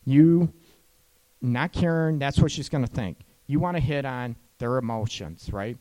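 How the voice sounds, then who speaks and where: Warm in tone and medium in pitch, a man speaks unhurriedly as he shares relationship advice with listeners. His talk is loose and chatty, full of "right?" and laughter at his own points.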